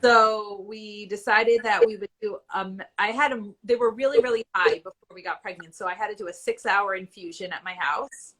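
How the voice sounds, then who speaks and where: A woman's voice: mid-range voice, steady tone, moderate pace, hardly any pauses, a bit bright, poor audio. A woman in her forties telling her own story as a patient in a live Q&A, candid and conversational, at times emotional. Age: 40s. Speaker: IVF patient guest.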